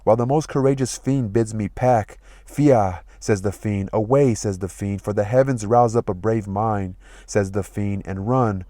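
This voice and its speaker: A man's voice: on the low side, normal speed, hardly any pauses, dark tone, no room sound, studio quality, lightly acted. A man voicing a comic young male servant, reading the old lines plainly and then retelling them in everyday speech. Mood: torn. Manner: reads old verse plainly, then retells it in modern slang.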